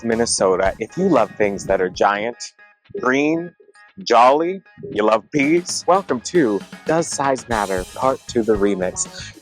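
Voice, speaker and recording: Campy, pun-loving male travel vlogger. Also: medium pitch. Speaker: travel vlog host. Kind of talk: comedic travel vlog. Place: outdoors at roadside attractions.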